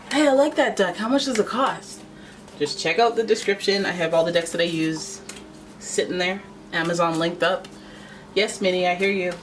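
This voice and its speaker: Chatty woman reading tarot cards. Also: slight background noise. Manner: chatty and playful, jumps between asides; animated, pitch often jumps up on exclamations. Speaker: tarot reader. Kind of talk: casual tarot reading to camera.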